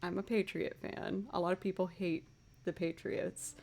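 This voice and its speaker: A woman's voice: fairly low pitch, flat delivery, moderate pace, vocal fry, a little mellow. A woman from Massachusetts hosting a live music stream, chatting casually between songs and telling a story with a laugh. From United States, Massachusetts.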